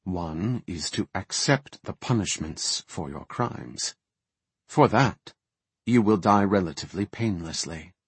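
A man voicing a cold, vengeful female warden who speaks calmly and with contempt. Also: on the low side, takes it slowly, husky, no echo, heavily acted. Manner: calm, contemptuous.

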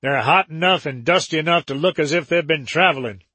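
A man's voice: fairly high pitch, fairly quick, pushed and bright, slightly rough, no room sound. A man voicing a sly, offhand male mule handler in a story reading.

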